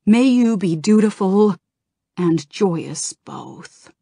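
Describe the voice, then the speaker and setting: A woman reading the words of an otherworldly titan speaking through a dragon, solemn and measured. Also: mid-range voice, animated, creaky, mellow, breathy edge, no room sound, studio quality, exaggerated voice. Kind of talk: audiobook reading.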